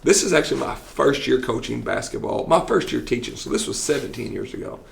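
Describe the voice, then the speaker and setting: A man, a coach telling lively stories on a podcast and acting out what people said. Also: medium pitch, a little fast, vocal fry, slight background noise. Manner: animated storyteller who acts out quotes with laughs. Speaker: football coach and teacher.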